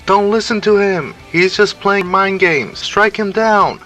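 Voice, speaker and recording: Man doing a stern fighter calling out warnings, pitched up, bright and forceful. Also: a little slow, soft background music. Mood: urgent. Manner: urgent, warning.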